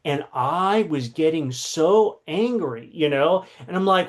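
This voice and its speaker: A man's voice: fairly high pitch, expressive, measured pace, few pauses. A man teaching a workshop lesson, telling a personal story in a conversational way with many fillers.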